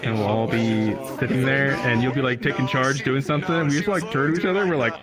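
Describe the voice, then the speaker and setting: Easygoing guy, mid-pitched, loud music behind. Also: fast. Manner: easygoing, fills talk with "like" and "um". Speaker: fellow role-player. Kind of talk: casual chat.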